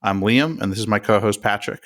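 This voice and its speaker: A man's voice: on the low side, fairly quick, a bit bright. An American man co-hosting a podcast, explaining politics in a chatty, self-deprecating way with fillers and restarts. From United States. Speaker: podcast co-host.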